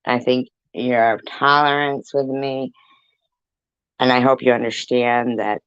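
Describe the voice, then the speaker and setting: A man delivering a profane, taunting rant straight to the camera, slow and deliberate. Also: mid-range voice, steady tone, fairly bright tone, smooth, no room sound, dull audio.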